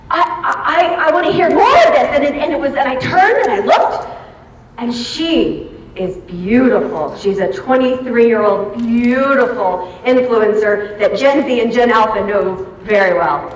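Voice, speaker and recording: High-voiced woman speaking in an echoey hall. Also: a little slow, a little hiss or hum. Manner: animated, acts out her own reactions. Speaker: event speaker. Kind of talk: storytelling speech to a live audience. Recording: echoey hall from far off, faint ambience.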